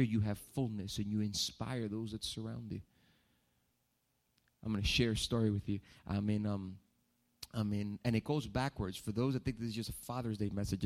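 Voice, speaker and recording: A male pastor telling a personal story in a sermon, animated, with repeated phrases for emphasis. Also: fairly low pitch.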